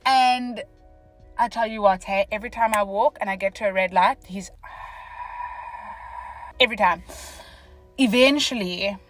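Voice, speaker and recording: Animated South African woman telling a story. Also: medium pitch, no echo, soft background music, rough recording. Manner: animated, jumps between whispers and loud exclamations, quick asides. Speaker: vlogger. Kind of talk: casual storytelling. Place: parked car.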